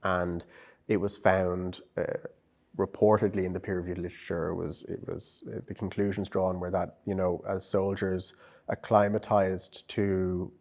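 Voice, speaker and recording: A man's voice: low voice, level tone, measured pace, gravelly, a little mellow. An Irish man, a psychologist and psychotherapist, talking through ideas in a conversational interview, often repeating words as he thinks. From Ireland. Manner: thoughtful, with frequent repetitions and restarts.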